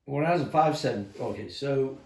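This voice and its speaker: An older man spins army stories with nonstop cursing, bursting into shouted quotes as he acts out the scene. His voice sits at an ordinary middle pitch. The sound bounces around a roomy, echoey space. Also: brisk. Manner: profane, animated storyteller acting out shouts. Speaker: retired army sergeant major telling war stories. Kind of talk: casual storytelling with heavy swearing. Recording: echoey room.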